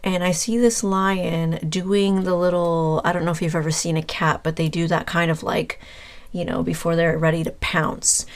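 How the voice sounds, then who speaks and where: Speaking straight to her viewer, a woman with a somewhat low voice offers a casual tarot reading in a flat delivery at normal speed. She wanders conversationally, frequently halting with fillers as she hunts for a word.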